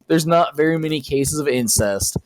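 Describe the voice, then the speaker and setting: A hesitant man who restarts and repeats his words as he makes his point in podcast banter. His pitch is middling for a man. The sound is dry and close, with no room echo. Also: moderate pace. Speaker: podcast co-host. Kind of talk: casual debate chat.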